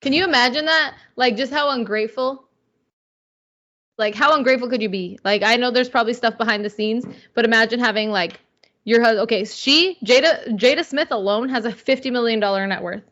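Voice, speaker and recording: A woman's voice: a little high, a little fast. Slangy young woman chatting on a podcast. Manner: animated, slangy, says "like" and "dude" a lot. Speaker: podcast co-host. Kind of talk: casual podcast chat. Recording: slightly dull lo-fi audio.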